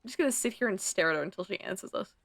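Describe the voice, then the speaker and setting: A woman chatting casually while gaming with friends, giggly and relaxed. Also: mid-range voice, very fast, vocal fry, no room sound.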